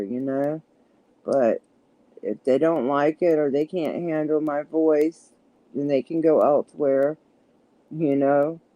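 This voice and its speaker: A woman's voice: low voice, warm tone, no room sound. Southern country woman, dry close sound. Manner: nervous, stumbling over words. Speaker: livestream host. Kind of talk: casual livestream chat. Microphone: phone.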